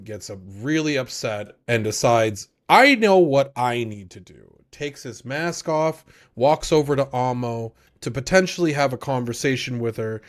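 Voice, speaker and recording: A man with a fairly high-pitched voice co-hosts an anime podcast, running through episodes in an animated, relaxed way while swearing a lot and voicing the characters.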